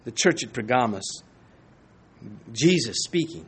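A man's voice: high-pitched, big pitch swings, unhurried, breathy edge. A man preaching a sermon, conversational and emphatic, reading scripture and chuckling now and then. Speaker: pastor.

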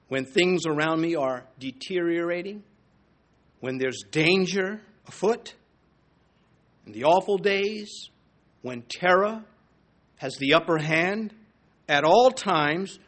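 Earnest preacher guy, kinda high voice, builds up to big repeated lines, stops and restarts sometimes. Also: a bit bright. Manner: earnest, rises to emphatic repetitions. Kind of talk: sermon.

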